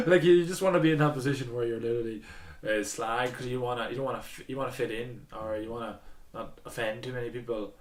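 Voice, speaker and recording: Irish man, mid-pitched voice, thoughtful and hesitant, sits back from the mic, echoey room. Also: fast talker, hardly any pauses, distant mic, slight background noise. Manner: reflective, searching for words. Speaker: podcast host. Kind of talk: casual podcast conversation.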